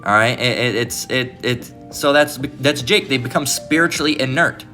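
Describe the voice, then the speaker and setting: A man's voice: medium pitch, normal speed, bright, forceful tone, soft background music. A man giving informal, blunt preaching commentary, often restarting and asking "all right?".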